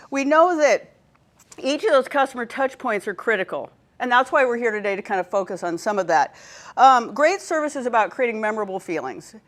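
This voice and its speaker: A woman leading a training workshop, telling stories and checking in with her audience. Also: a little high. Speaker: workshop presenter.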